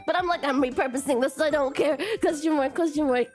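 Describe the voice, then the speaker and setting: A woman's voice: sits high, a little fast, darkish tone, soft background music. A young woman hosting a live stream, bubbly and nervous, tripping over her words and tacking a cute "question mark" onto her sentences, her voice strained from a recent illness. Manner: bubbly, nervous, keeps adding a cutesy "question mark" tag; stumbles and repeats words. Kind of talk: casual live-stream chat.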